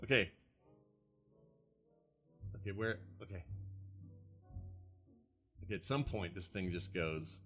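A man's voice: deep voice, expressive, slow pace, pauses often, bright, forceful tone, soft background music. A man co-hosting a live morning show, chatting casually, laughing and talking to his chat room. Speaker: podcast co-host.

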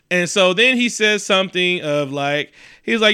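A man with a bright, clear voice holds forth on a casual podcast, rattling off profane stories and acting out each quote. The sound is dry and close. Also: sits high, moderate pace, dry recording. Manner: profane, animated storytelling with acted-out quotes. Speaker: podcast co-host. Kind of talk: casual chat.

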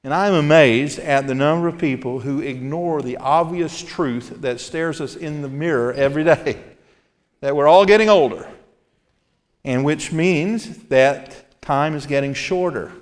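A man's voice: fairly high pitch, unhurried, long reverb tail. A male pastor giving an earnest sermon from the pulpit and reading scripture aloud. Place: church sanctuary.

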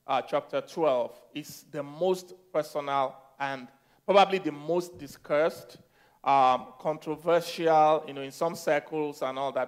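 A man preaching a sermon as pastor, repeating phrases, leading the congregation in declarations and swinging from soft teaching to loud exhortation. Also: on the high side. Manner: repeats phrases and leads call-and-response declarations.

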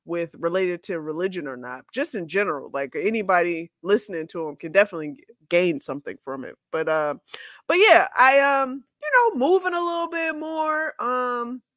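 A woman co-hosting a podcast in casual chat, relaxed and laughing often. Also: medium pitch, moderate pace, no room sound, studio quality. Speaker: podcast co-host.

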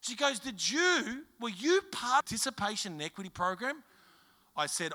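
A middle-aged Australian man preaching a sermon, telling a personal story in an animated, emphatic way. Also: high-pitched, normal speed. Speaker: pastor.

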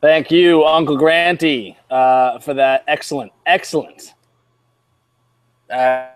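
A man's voice: fairly high pitch, fairly even intonation, slow pace, clear, resonant tone, no room sound. A man co-hosting a casual sports podcast, rambling with many fillers and wry jokes. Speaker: podcast co-host.

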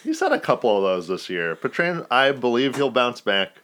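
A man's voice: medium pitch, big pitch swings, normal speed, fairly bright tone. A man co-hosting a casual sports podcast, giving rambling, exasperated opinions on hockey plays. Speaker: podcast co-host.

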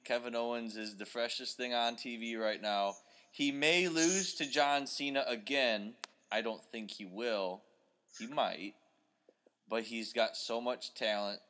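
A man's voice: medium pitch, unhurried, bright, forceful tone. A man co-hosting a casual wrestling podcast, playful and teasing. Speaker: podcast co-host.

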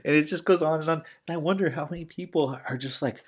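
A man's voice: on the high side, quick pace, darkish tone, slightly rough. A man in casual podcast chat, telling rambling stories full of "like" and restarts, with the odd swear.

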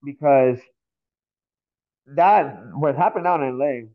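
A man from Miami telling a story in casual talk, animated and swearing often, acting out the voices of the people in it. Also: medium pitch, takes it slowly, narrow, tinny audio. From Miami, Florida. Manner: animated, swears a lot, acts out voices in stories. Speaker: guest.

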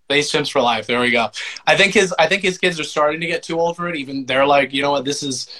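A man's voice: on the high side, quick pace, pushed and bright. A man, a voice actor and musician, talking in a laid-back, self-deprecating way with lots of fillers in a casual interview.

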